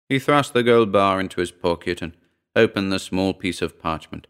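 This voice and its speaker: A man narrates a short story in a steady, measured reading. His voice sits very low and comes across smooth and resonant.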